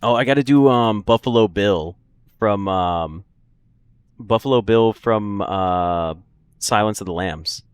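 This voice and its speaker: Brief: young male streamer, low voice, loose jokey commentary, chats with viewers. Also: slow pace, clean tone, no echo. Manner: joking, laughs often, reacts to chat. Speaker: gaming streamer. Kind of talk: casual let's-play commentary.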